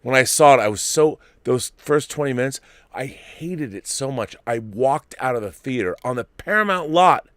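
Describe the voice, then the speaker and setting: A middle-aged man hosting a late-night live-stream, ranting hard and swearing freely. His voice is bright and forceful. The sound is close and dry, with no room around it. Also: mid-range voice, lively intonation, moderate pace, dry recording. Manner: ranting, profane, loud bursts. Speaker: host.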